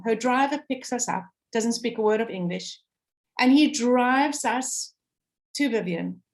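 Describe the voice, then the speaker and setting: A woman's voice: mid-range voice, darkish tone. A South African woman speaking on a video call, telling a heartfelt story with passion and acting out what people said. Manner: impassioned, voice swings up and down, acts out quotes. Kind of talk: emotional storytelling to a call audience.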